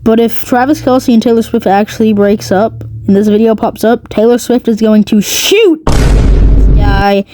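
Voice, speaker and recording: A woman's voice: a little high, a little slow, noisy background, close to an everyday voice. A woman mocking a whiny offended pop fangirl. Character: easily offended young female pop fan.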